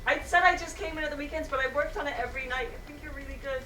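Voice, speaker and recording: A woman's voice: high-pitched, racing, crowd noise, natural voice. A woman improvising a defensive amateur painter on a live stage, stammering as she explains herself. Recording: roomy live stage recorded from far off.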